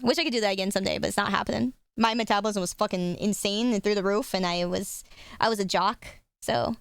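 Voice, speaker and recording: A woman's voice: mid-range voice, quick pace, smooth, no room sound. A young woman streaming live, chatting casually with her viewers and swearing freely. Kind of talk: casual chat with chat.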